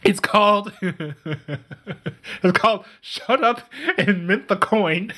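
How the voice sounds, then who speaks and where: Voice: medium pitch, drawn-out words, a bit bright. A speaker giving casual reaction commentary, mocking an article read aloud and laughing often between remarks. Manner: reads text aloud and scoffs at it.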